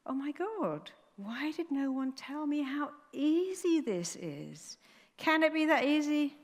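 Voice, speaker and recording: Brief: a woman putting on a frightened, breathless flyer, pitched well up, in a reverberant hall. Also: very animated, normal speed. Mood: amazed. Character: anxious woman terrified of flying.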